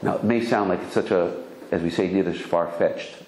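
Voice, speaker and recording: Animated storytelling rabbi in an echoey room. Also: male voice, fairly quick, a little hiss or hum. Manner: animated storyteller, acts out characters with sudden high cries. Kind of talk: storytelling Torah lecture.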